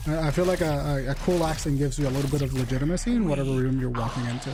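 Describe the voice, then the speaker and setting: A man's voice: medium pitch, very fast, few pauses. A young man with a Puerto Rican accent, a Spanish speaker, chatting casually and self-deprecatingly while streaming a game. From Puerto Rico. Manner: rambling, self-deprecating, joking. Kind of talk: casual gaming stream chat. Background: game music.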